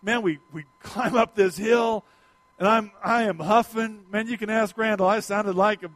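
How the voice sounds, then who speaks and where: A middle-aged male pastor delivers his sermon with a noticeably high voice. He tells a folksy personal story, rising to loud emphasis and dropping to quiet asides. The sound is close and dry. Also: moderate pace, no room sound.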